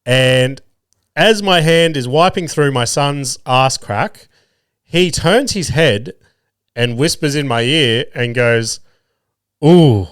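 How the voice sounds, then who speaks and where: Slow and a little bright, this man's medium-pitched voice comes across clear and resonant in an echo-free studio recording. He's an Australian podcast host in his thirties, laughing as he tells crude, profanity-laced stories about his kids.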